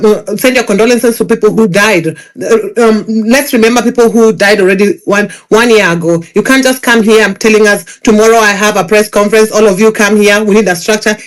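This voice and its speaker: A man joining a live online discussion, apologetic but firm as he scolds another speaker. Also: sits high. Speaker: participant in a live audio space.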